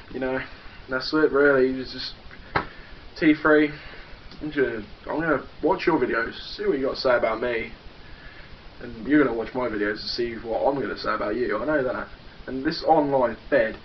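In an ordinary middle pitch, a backyard wrestler from England cuts a swaggering promo, bragging, cursing and taunting his rival in classic trash-talk style. He's a young man, and the recording has the dull, lo-fi quality and faint hiss of an old home video.

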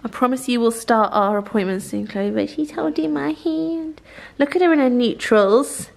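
A woman's voice: on the high side, moderate pace, gravelly, poor audio. A woman chatting casually in her vlog, rambling and poking fun at herself. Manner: chatty, rambling, self-deprecating. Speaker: vlogger.

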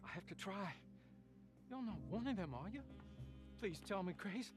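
Jumpy paranoid man, anxious and pleading, high voice, game music behind. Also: animated, normal speed. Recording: game audio with background music.

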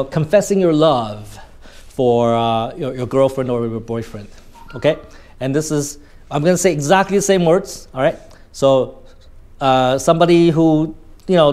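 A man's voice: fairly high pitch, darkish tone. A man with a Vietnamese accent teaching a spoken lesson on tone of voice, stretching out key words for emphasis and tagging many sentences with "right?". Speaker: communication coach.

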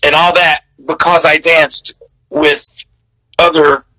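A man, a guest telling stories in a candid, animated way. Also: fairly high pitch, slow, creaky, no room sound, low-quality recording. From American South. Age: 60s. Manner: animated, candid, laughs between memories. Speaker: interview guest. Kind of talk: storytelling in casual interview.

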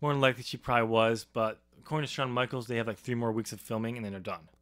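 A relaxed man with a mid-range voice, laying out his ideas in a loose, chatty way. He is recorded close and dry, with no room sound at all. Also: medium pitch, racing, no room sound. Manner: relaxed, explains at length, laughs easily. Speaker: podcast co-host. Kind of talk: casual chat.

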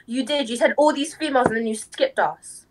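A woman's voice: high-pitched, brisk, noisy background. A woman on a video chat, talking in a confrontational way.

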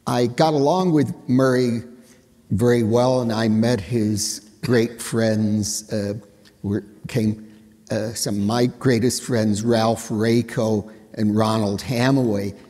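Older man talking real slow, dark husky voice, dry humor. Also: mid-range voice, steady tone. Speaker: panelist. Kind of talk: anecdotal panel talk. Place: conference hall panel. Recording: long reverb of a hall.

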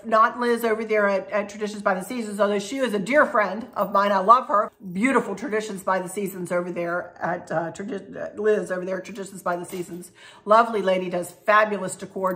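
A woman's voice: mid-range voice, steady tone, brisk, a bit bright. Fifties lady chatting to her viewers, folksy and rambly, lots of little laughs and restarts. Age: 50s. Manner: folksy and affectionate. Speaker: craft and decor channel host. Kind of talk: casual Q&A chat to viewers.

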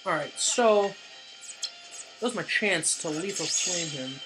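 A woman giving gameplay commentary as a let's play host, getting excitable, cursing and yelling at the game. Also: on the low side, takes it slowly, pauses often, rough recording. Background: game music.

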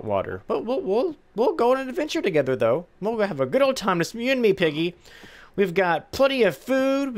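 A let's-play gamer giving casual gameplay commentary, playfully talking to a pet pig, humming along and squealing with alarm. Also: mid-range voice. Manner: excitable, squeals and gasps in alarm.

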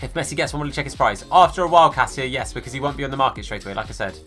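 A man's voice: mid-range voice, expressive, rapid-fire, sharp tone, faint music behind. A man streaming a football video game, chatting casually with viewers and greeting them by name. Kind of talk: live gaming stream chat.

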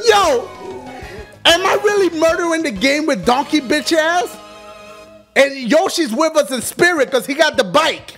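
Brief: excitable male let's-play commentator, loud and profane, swooping all over. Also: very high-pitched, unhurried. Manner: loud, profane trash talk, frequent yelling and laughter. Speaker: gaming commentator. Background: game music.

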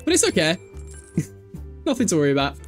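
Brief: young male streamer, raised voice, animated and giggly, bossing his game characters around. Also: a little high, moderate pace. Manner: excitable, laughing often, shouting at game characters. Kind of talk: casual game commentary. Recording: faint music behind.

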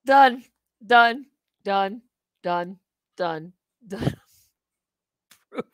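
A woman hosts a casual livestream, rambling, poking fun at herself and laughing often. Her mid-range voice is animated, and she speaks very slowly.

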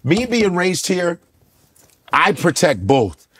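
A middle-aged man in casual chat, an animated storyteller who curses freely and keeps slipping into mocking voices. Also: high-pitched, slow, slight background noise. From raised in the US, Nigerian heritage. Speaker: comedian guest.

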